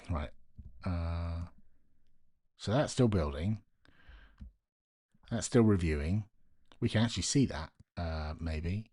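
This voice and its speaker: A man's voice: low voice, takes it slowly, long pauses, dry recording, studio quality. A man hosting a casual live stream from home at night, keeping his voice down and talking to himself as he works. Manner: talks to himself while working, quiet and muttering.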